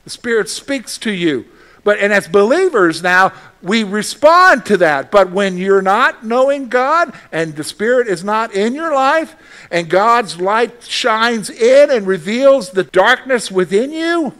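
A man's voice: fairly high pitch, fairly bright tone. A man preaching a sermon as a pastor, reading scripture aloud and answering questions he poses himself, with emphatic delivery.

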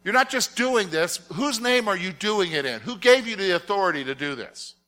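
A man's voice: sits high, lively intonation, normal speed, sharp tone. A man giving a conversational sermon as a pastor, explaining step by step and often checking whether everyone understands. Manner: explains step by step, asks the audience rhetorical check-in questions. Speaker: pastor teaching a Bible study.

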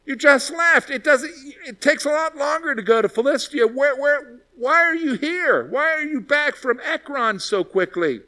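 A man's voice: very high voice, lively intonation, normal speed, hardly any pauses, sharp tone, voice pushed up, heavily acted. A man voicing a startled male court official who fires off stammering, incredulous questions in a raised voice.

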